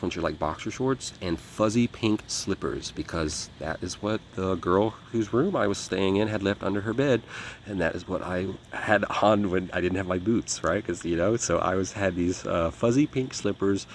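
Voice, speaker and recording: A man telling a story as an interview guest, animated, acting out what people said and swearing freely. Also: low-pitched, a little hiss or hum. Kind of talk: casual storytelling.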